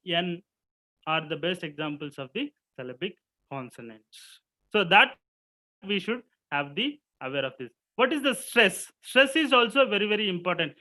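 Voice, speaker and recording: A middle-aged man with an Indian English accent delivers an online lecture in a high-sitting, sharp voice over a low-quality recording. He repeats key words and asks "okay?" after almost every point.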